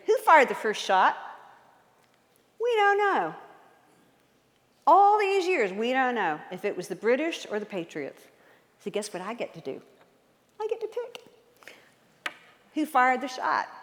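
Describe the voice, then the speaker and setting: A woman author speaks with lively, swooping energy, firing questions at a live audience as she tells history stories. Her voice sits a little high. It rings with the long reverb of a large church hall. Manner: enthusiastic, quizzes the audience with questions.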